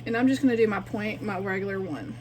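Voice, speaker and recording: A woman's voice: mid-range voice, expressive, quick pace, a little hiss or hum. A woman, chatting casually and thinking aloud to her viewers while she shows her sewing in a home sewing room. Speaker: sewing vlogger.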